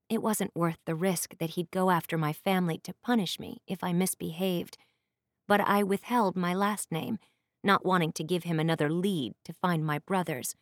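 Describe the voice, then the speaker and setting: A woman reading a first-person fantasy audiobook in a measured, descriptive way. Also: fairly low pitch, no room sound, studio quality. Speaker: audiobook narrator. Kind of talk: scripted first-person narration.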